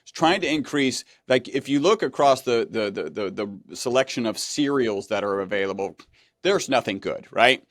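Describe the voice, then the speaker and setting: A male interviewer at mid pitch asks questions in a chatty, casual way. The sound is close and dry, with no room around it. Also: animated, normal speed, no echo. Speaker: interviewer host.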